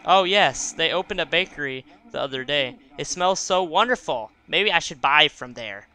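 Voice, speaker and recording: A man voicing a frail, confused elderly mother in a hospital, doting and then shrill, reading game dialogue aloud. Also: expressive, normal speed, bright, forceful tone, clear, resonant tone.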